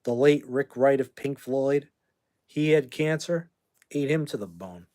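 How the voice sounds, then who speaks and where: A man's voice: mid-range voice, expressive, measured pace, dark tone. A man in his fifties from the United States, hosting a livestream in a brash, rambling, trash-talking way while answering viewer comments. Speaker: livestream host.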